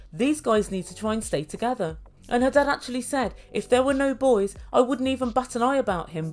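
A woman's voice: fairly high pitch, darkish tone. A woman recapping a reality show, with wry, mocking asides. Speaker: reality TV reviewer. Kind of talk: sarcastic recap commentary.

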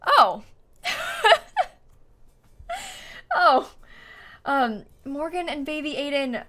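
Bright, lively woman streamer. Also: sits high, extremely slow, long pauses. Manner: chatty, laughs often, reads out donations. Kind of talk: casual live-stream game commentary. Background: faint background music.

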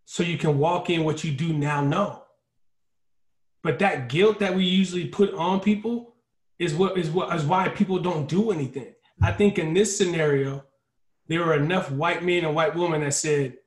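A man's voice: on the high side, moderate pace. A man giving an earnest talk as a guest speaker. He often acts out the voices he quotes and speeds up when stirred. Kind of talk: impassioned talk on a video call. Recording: echoey room.

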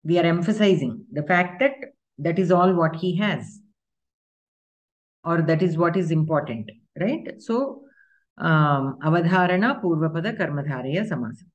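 A woman's voice: lowish voice, animated, normal speed, lo-fi sound. A woman teaching Sanskrit grammar in an online class, explaining patiently step by step with examples.

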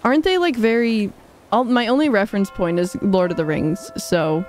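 This streamer has a mid-range, somewhat mellow voice and a moderate pace, with soft music in the background. Casual and bubbly, she rambles as she plays and reads out what her chat is saying.

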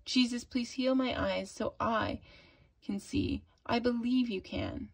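A woman's voice: fairly high pitch, steady tone, slow pace, gravelly, heavily acted. A woman reading as a blind man pleading for help. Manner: pleading, calling out.

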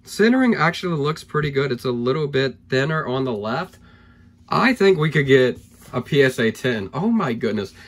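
A man opening trading card packs on camera, excitable and hyped, thinking aloud as he goes and losing his voice. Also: mid-range voice, moderate pace. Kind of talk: excited pack-opening vlog.

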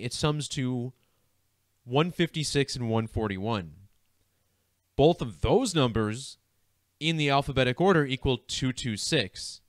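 A man's voice: mid-range voice, no echo. A young man hosting a numerology video, talking casually over a screen share and often breaking into laughter. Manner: giggly, keeps breaking into laughter.

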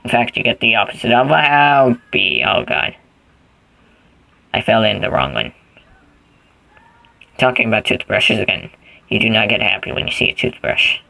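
A man's voice: fairly low pitch, animated, moderate pace, gravelly, pauses often, pushed and bright, dry recording, rough recording. A man giving casual gameplay commentary, rambling goofily and thinking aloud as he plays. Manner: rambling, goofy, thinks aloud while playing. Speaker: gaming channel host.

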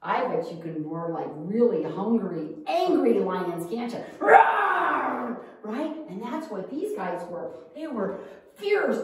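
A woman's voice: a little high, darkish tone. A woman teaching a children's Bible school lesson, telling the story animatedly to kids, in an echoey room with the mic far off.

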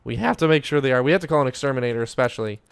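The speaker is a young gaming YouTuber doing casual Let's Play commentary, upbeat and chatty, frequently calling his viewers "you guys." He talks rapid-fire in a clear, resonant mid-range voice, with no echo.

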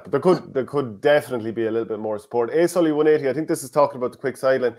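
An Irish man hosting a casual sports chat, reading out listener comments and giving his own views. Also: medium pitch. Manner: fast, animated, reads listener comments aloud. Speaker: podcast host.

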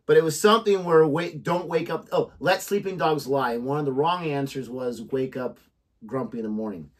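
A man's voice: a little high, moderate pace. Laid-back American man chatting. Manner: relaxed, joking, chatty. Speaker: co-host of a reaction channel, teacher. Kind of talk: casual chat.

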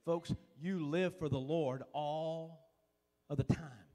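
A man preaching a sermon in a folksy, fervent way, dotting his lines with "uh" and dropping suddenly to a hush. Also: fairly high pitch, takes it slowly. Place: church sanctuary. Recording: long reverb of a church hall.

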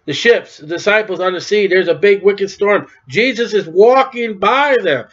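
A man's voice: sits high, lively intonation, brisk, few pauses, highs cut off. A man preaching an informal sermon in a conversational way, acting out bits of dialogue as he goes. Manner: conversational, acts out dialogue in quoted voices.

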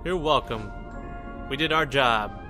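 A man's voice: mid-range voice, unhurried. A young man giving casual, rambling let's play commentary, joking and talking back to the characters on screen. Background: game music.

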